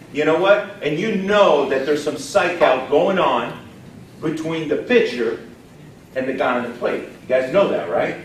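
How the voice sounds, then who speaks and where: A man from Texas giving an energetic motivational training talk to a live audience, often putting questions to the room. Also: on the high side, a little hiss or hum. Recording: roomy echo from far off, faint ambience.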